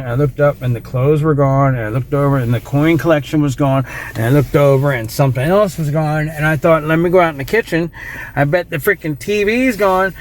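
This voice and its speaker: A middle-aged man telling a true personal story in a casual, rambling way, getting emotional and trailing off into quiet asides. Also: a little high.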